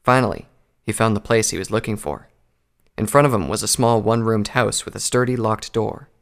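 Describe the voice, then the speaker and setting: Gravelly-voiced male story narrator. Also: lowish voice, brisk.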